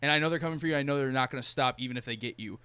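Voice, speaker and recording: A man quoting a calm, scheming male tycoon villain in a lowered, quieter voice. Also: very fast, clean tone, dry recording, lightly acted. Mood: cool.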